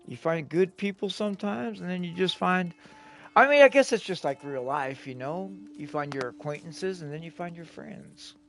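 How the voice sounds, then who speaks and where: A man's voice: a little high, animated, normal speed, fairly bright tone, soft background music. A middle-aged man telling stories casually on a live stream, rambling and profane, often chuckling.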